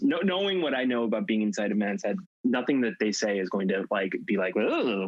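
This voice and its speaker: Podcast guy, talks in stops and starts, lively up and down pitch, kinda muffled dry sound. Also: dry recording. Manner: halting, many restarts and fillers. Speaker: magazine editor guest. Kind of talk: casual podcast chat.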